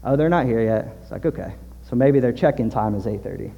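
A man from Southern Illinois preaching a sermon, telling a story and acting out the dialogue in lively voices. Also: medium pitch, fairly quick, creaky. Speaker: pastor. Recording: dull lo-fi sound with long hall reverb.

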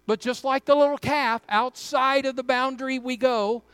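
A man's voice: very high voice, steady tone, normal speed, a bit bright, smooth, no room sound. A middle-aged man preaching a sermon, earnest and emphatic, repeating key words to drive his point home. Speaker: pastor.

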